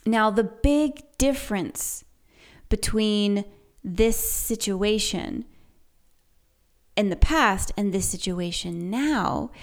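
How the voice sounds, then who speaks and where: A woman telling a personal story in an earnest, reflective way, speaking softly and often dropping to a near-whisper. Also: mid-range voice. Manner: soft and unhurried, often sinking to a near-whisper.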